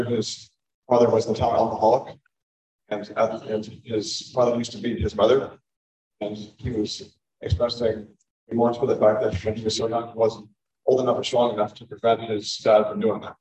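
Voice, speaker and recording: A man teaching a sermon as a pastor, in a measured, halting way. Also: lowish voice, mellow. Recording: roomy, distant, dull recording.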